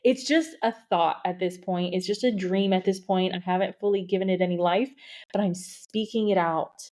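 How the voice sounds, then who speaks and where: A woman hosts her own podcast and talks straight into the microphone, excited and gushing, full of fillers. She sounds a little out of breath, and her voice is mellow and warm, not bright. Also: on the low side, normal speed. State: a bit out of breath. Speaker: podcast host, beauty industry coach. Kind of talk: solo podcast monologue.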